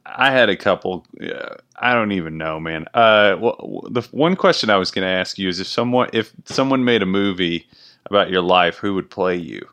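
A man with a very deep voice co-hosts a relaxed sports chat. He teases his partner in a dry, offhand way. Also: normal speed, clean tone. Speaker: podcast co-host.

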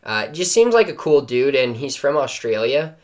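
Excitable, swearing man on a call. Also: mid-range voice, normal speed. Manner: excitable, profane, rambling. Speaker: podcast co-host. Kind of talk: casual chat. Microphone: remote call mic.

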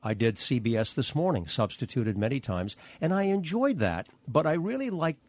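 An older American man, a veteran news anchor, telling lively stories and acting out the dialogue in an interview. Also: mid-range voice, moderate pace, dry recording. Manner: animated anecdotes, acts out quoted dialogue. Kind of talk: storytelling interview answers.

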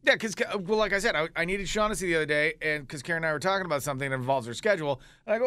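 A man's voice: a little high, rapid-fire, pushed and bright, clear, resonant tone, no room sound. A man hosting a morning radio show, joking and laughing with his co-host.

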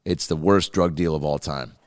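A man's voice: rumbling low, moderate pace, long reverb tail. A man hosting a comedy reaction show, riffing profanely on a clip and acting out the people in it. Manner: animated storytelling, heavy swearing, acts out voices. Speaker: host reacting to a video clip.

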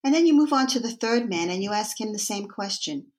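A woman leading a guided meditation and telling a parable in a slow, calm, reflective manner. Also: medium pitch.

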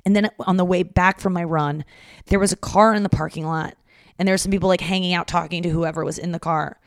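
A woman's voice: on the low side, steady tone, fast talker, dry recording, clean studio sound. A woman hosting a solo comedy podcast, telling stories in a rambling, profane way full of fillers. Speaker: podcast host.

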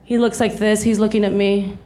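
A woman in her thirties from South Texas performing a stand-up set, telling a story with animated delivery and acting out the people in it. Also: medium pitch, fairly quick. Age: 30s. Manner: animated storytelling, acts out voices, laughs along. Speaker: stand-up comedian.

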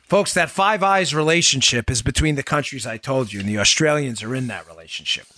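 A man's voice: mid-range voice, lively intonation, pushed and bright, no room sound. Emphatic male political podcast host. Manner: emphatic, rapid rhetorical questions to listeners. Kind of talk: political commentary monologue.

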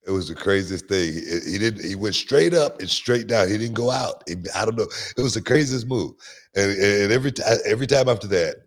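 A man hosting a podcast in casual chat, animated, often repeating words and stretching them out. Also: fairly low pitch, fairly quick. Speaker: podcast host.

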